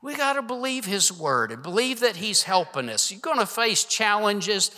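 A man's voice: high-pitched, very animated, normal speed, sharp tone, in a large hall. A pastor in his sixties preaching an emphatic sermon and leading the congregation in reciting verses. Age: 60s. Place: church hall with congregation.

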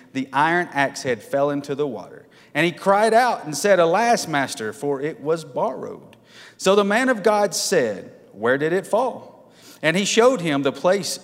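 Conversational man preaching in a reverberant hall. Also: fairly high pitch. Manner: conversational, asks the congregation questions, frequent "right?" tags. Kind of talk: sermon. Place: church sanctuary.

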